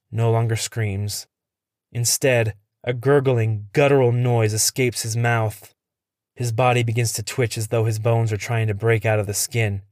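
A man reading a first-person horror story in a steady, tense delivery. His voice sits low, and the sound is dry and close, with no room around it. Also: no room sound.

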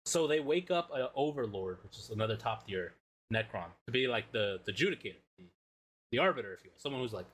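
Animated, lively-voiced man recapping a story. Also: mid-range voice, quick pace, husky. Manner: animated, swears, acts out quotes. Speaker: podcast co-host. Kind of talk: casual comic recap.

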